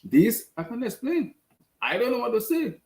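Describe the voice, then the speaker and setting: A football fan channel host rants casually in an extremely high, sing-song voice with a darkish tone, at a moderate pace. Exasperated, he keeps repeating himself, and the room is echoey.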